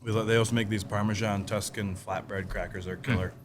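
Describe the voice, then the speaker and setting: A man's voice: lowish voice, brisk. Man, charcuterie maker, easygoing explainer, casual talk, slight noise under the voice. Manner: relaxed, friendly explaining with many restarts. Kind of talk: casual conversation.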